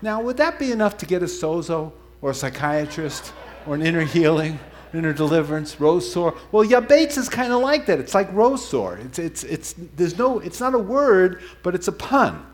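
A man preaching a conversational sermon, animated and digressive, often correcting himself mid-sentence. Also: high-pitched, moderate pace.

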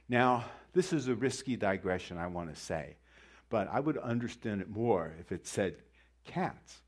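A middle-aged man teaching a conversational sermon, wandering into joking asides and rhetorical questions. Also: mid-range voice. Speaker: Bible teacher.

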